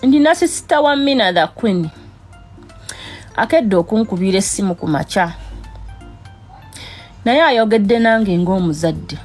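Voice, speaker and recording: A woman speaking in a measured, earnest way to her followers. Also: medium pitch, expressive, darkish tone, faint music behind. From Uganda. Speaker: TikTok creator. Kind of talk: apology talk to camera.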